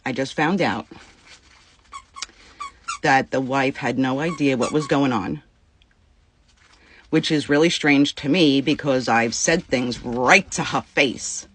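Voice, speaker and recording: A woman's voice: extremely low pitch, slow pace, long pauses, husky. A woman venting to her viewers about a personal dispute, upset and near tears, swearing freely and talking in bursts. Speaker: vlogger. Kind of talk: casual venting to camera.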